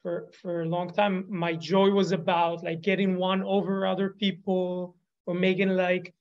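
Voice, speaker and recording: A man on a muffled video call, speaking in a flat, level tone. He stammers and hesitates as he shares something personal with the group. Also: high-pitched, unhurried. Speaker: group participant. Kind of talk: casual sharing in a group.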